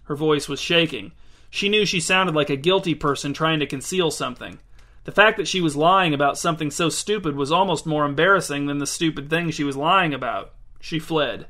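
Male narrator for a storybook reading, bright, somewhat high voice. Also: a little fast.

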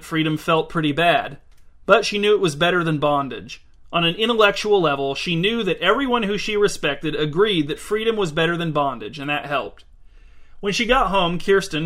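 A man reading a story aloud in an even, measured way. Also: a little high. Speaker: narrator.

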